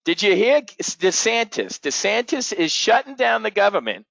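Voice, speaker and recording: A loud, gossipy older woman, as a man puts her on, frets and stammers in a higher, raised voice. The sound is dull and lo-fi, with a dry, close feel. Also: big pitch swings, moderate pace, vocal fry, no echo, full character voice. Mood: alarmed gossip.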